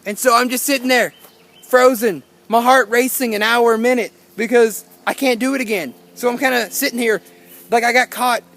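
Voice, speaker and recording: A man's voice: very high-pitched, fairly even intonation, normal speed, a bit bright. A young man casually telling a funny personal story to his viewers, with playful jokes and asides. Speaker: storytime YouTuber.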